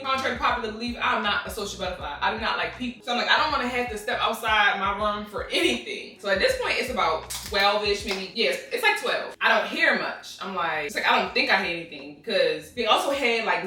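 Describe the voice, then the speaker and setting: A bright, sharp-toned woman tells a slangy story straight to camera. Her voice rings around a bare, echoey room, and she sits a little back from the mic. She gets animated and pitches way up whenever she quotes someone. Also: distant mic. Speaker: storytime vlogger.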